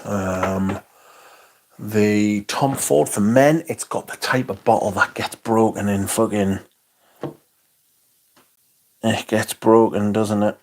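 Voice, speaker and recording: A man's voice: fairly low pitch, steady tone, slow, long pauses, slight background noise. A man hosting a livestream, chatting casually and rambling through viewer comments with frequent chuckles and the odd swear word. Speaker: livestream host.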